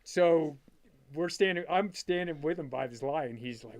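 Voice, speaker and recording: A middle-aged man, a father, telling a story as a guest in a casual interview, animated and full of "like" fillers, acting out what he said. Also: fairly high pitch. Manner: animated, quick storyteller, full of "like" fillers, acts out his own past lines. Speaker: guest, father of a disc golf player.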